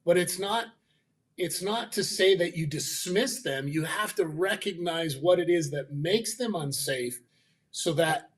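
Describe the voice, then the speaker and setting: A man talking as a guest on a faith-based show, explaining in a lively way and acting out the voices he quotes. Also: fairly high pitch, a little slow, far from the mic. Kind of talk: conversational explanation.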